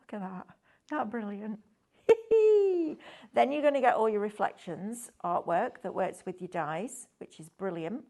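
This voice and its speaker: A woman with a darkish mid-range voice and moderate pace hosts a craft shopping show. She chats enthusiastically through a live demonstration of products, tossing in tag questions.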